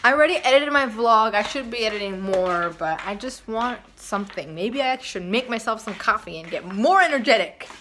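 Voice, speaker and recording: Bright-voiced young woman vlogging at home. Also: fairly high pitch, lively intonation, normal speed, hardly any pauses, slight background noise. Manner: chatty, playful, joking. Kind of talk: casual chat to camera. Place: indoors at home, windy outside.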